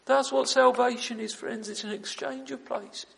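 A man's voice: very high voice, fairly even intonation, moderate pace, vocal fry, fairly bright tone. A man preaching a sermon with fervour, repeating key phrases and crying out "oh" for emphasis, recorded in a church. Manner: fervent, repetitive, with emphatic "oh" exclamations. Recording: long reverb of a large hall.

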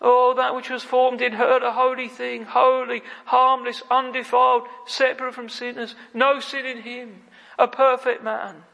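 A man's voice: very high-pitched, little pitch movement, unhurried, creaky, sharp tone. A man preaching a fervent sermon, repeating phrases and calling out "oh, friends". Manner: fervent, repetitive, frequent "oh, friends". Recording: long hall reverb.

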